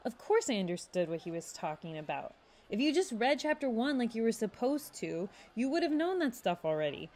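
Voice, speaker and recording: Confident sassy high school girl, quick comebacks, woman reading. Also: sing-song, mellow, close to an everyday voice.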